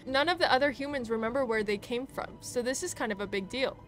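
A woman's voice: a little high, quick pace, natural voice. A woman voicing a young female apprentice scholar who researches old ruins, reading the game dialogue aloud in her own voice. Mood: friendly. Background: game music.

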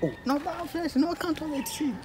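A man with a Ghanaian accent doing an improvised comedy skit, loud and switching between Twi and pidgin English. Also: very high voice, moderate pace, music in the background.

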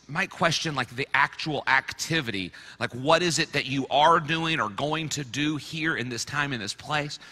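A male pastor delivers a sermon in an easy, conversational way, sliding in playful asides. His voice is strikingly bright, and it rings out with a long reverb, as if filling a large church. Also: a little high. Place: church sanctuary.

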